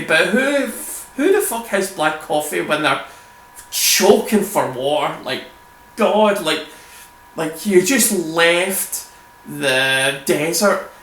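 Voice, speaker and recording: A gameplay video host with a slightly high, sharp-toned voice chats casually as he plays, rambling, swearing and laughing a lot. He uses a desk microphone in an echoey room with a faint hum.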